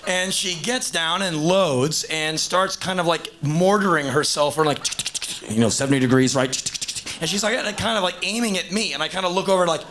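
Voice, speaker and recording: A man in his thirties telling a long funny story on stage, shouting punchlines one moment and muttering asides the next. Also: fairly quick. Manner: animated, swings from loud exclaiming to low muttering. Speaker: stand-up comedian. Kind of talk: live stand-up storytelling. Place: live stage before an audience. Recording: hissy low-quality VHS concert tape.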